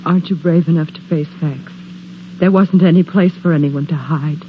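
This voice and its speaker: A woman's voice: low voice, steady tone, normal speed, natural voice. An actress playing a brooding, superstitious young woman in a 1940s radio drama, speaking in an intense, foreboding way. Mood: brooding dread. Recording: dull, hissy old radio broadcast.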